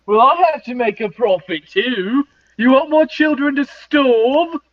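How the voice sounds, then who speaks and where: A man's voice: very high-pitched, moderate pace, muffled recording, slight background noise. A man voicing a fish-eyed male property seller who haggles in a blustering, indignant way.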